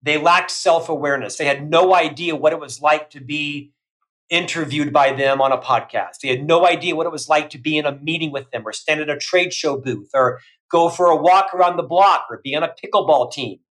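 A middle-aged man, a guest on a podcast, talking loudly and emphatically in energetic bursts of lists. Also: a little high, brisk, rough recording. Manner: loud, emphatic, listing in bursts. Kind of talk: energetic interview talk.

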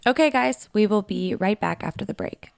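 A woman co-hosting a casual podcast, talking in a chatty way with quick asides. Her voice sits in the middle range with a gravelly, fried edge. She moves easily from one thought to the next. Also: mid-range voice, no room sound. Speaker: podcast co-host.

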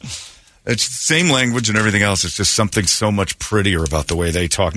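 A man's voice: fairly low pitch, lively intonation, fairly quick, pushed and bright. A man hosting a morning radio show, joking and rambling with his co-hosts and laughing often. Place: radio studio.

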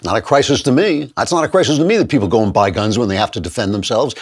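A man's voice: fairly low pitch, big pitch swings, fast talker, slightly rough. A man hosting a political talk show, delivering a combative, sardonic opinion monologue. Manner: combative, sardonic, reads quotes aloud.

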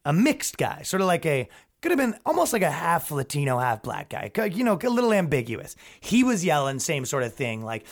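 A man's voice: sits high, huge pitch swings, quick pace. A young man hosting a podcast, rambling through comedic stories with laughs and restarts. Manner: rambling, laughing, frequent restarts and acted quotes. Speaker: podcast host. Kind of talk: comedic storytelling monologue.

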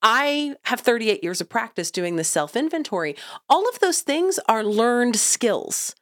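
A woman's voice: on the high side, big pitch swings, measured pace. A woman in her late thirties co-hosting a casual parenting podcast, explaining ideas with wry jokes. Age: late 30s. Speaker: podcast co-host.

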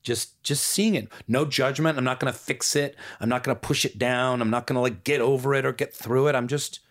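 A man in casual conversation as a podcast co-host, talking in a reflective, gently playful way that trails into soft asides. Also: medium pitch, fairly even intonation, brisk.

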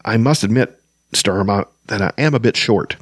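A man reading the lines of a grumpy old male dwarf in a fantasy novel, husky and exasperated. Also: fairly low pitch, moderate pace, no echo, clean studio sound. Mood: gruff.

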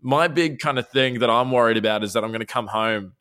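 A man's voice: medium pitch, fast talker, a bit bright, clean tone. A young Australian man hosting a casual chat, rambling with restarts and acting out little quoted exchanges. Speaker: podcast host.

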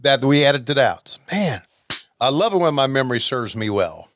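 A man's voice: medium pitch, big pitch swings, moderate pace, a bit bright, a little hiss or hum. A man in his fifties co-hosting a casual chat and reminiscing in an easygoing way. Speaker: podcast co-host.

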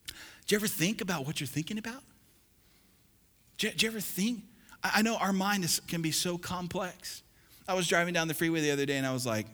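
A bright-voiced man preaching in a church with long, rolling reverb. His voice sits a little high, and he drives the congregation to repeat his words back. He swings from quiet asides to loud exhortation. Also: fairly quick, pauses often. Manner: preaching with call-and-response, building to loud exhortation. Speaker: pastor. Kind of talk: sermon.

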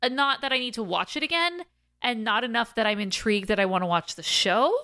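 A woman in her thirties co-hosting a film podcast, chatting casually, animated and laughing often. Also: fairly high pitch, fast talker. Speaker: podcast co-host, film reviewer. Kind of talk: casual film review chat.

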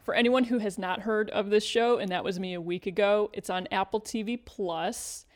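Woman cohost on a podcast, steady and upbeat, just chatting. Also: mid-range voice. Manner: measured and upbeat, reads listener questions. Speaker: podcast co-host. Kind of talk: casual podcast chat.

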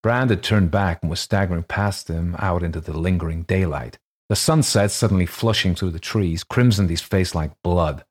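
A man narrating a ghost story as an audiobook, steady and measured in his telling. His voice sits low, with a husky edge to it.

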